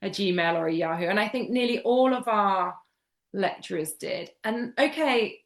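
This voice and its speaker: Guest spot: a chatty UK woman, mid-pitched, repeating words for emphasis. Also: animated, moderate pace. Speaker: guest homeopath. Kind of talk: casual podcast interview.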